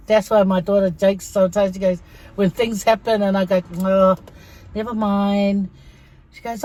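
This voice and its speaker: A woman's voice: mid-range voice, fairly even intonation, unhurried, pauses often, mellow, no room sound. A middle-aged woman, chatting casually to her viewers in a mukbang vlog and telling stories. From Samoa. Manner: chatty storytelling, addresses viewers as guys. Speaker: vlogger.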